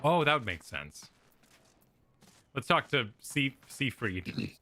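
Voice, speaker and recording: Man co-hosting a game stream, laid-back goofy banter, very bright sharp tone, mid pitch. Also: very animated, slow. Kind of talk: casual gaming stream chat.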